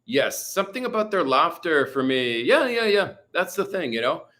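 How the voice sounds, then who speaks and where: Fairly high-pitched and sharp, this man sounds very animated while keeping a normal speed. He's a livestream host from British Columbia, Canada, reading viewer comments in a hot room at home with a fan, rambling chattily with lots of fillers like "you know" and "uh."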